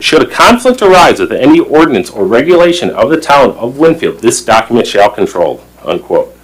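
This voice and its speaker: A man reads a prepared statement at a town meeting, emphatic and formal. His voice is husky, and his pitch rises and falls a lot. He trips over a word here and there. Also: poor audio. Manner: formal, emphatic, stumbles over words now and then. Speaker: plan commission member.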